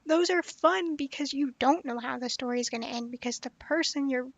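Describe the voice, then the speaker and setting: A young woman giving casual livestream commentary on a story game, animated and blunt, swearing and laughing often. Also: high-pitched, brisk, no echo. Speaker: streamer playing a story game. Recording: dull, dry lo-fi sound.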